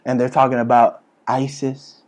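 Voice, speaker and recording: A man's voice: medium pitch, little pitch movement, normal speed. A man hosting a comedy show with a brash, crude, ranting delivery. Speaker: host. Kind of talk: comedic political rant.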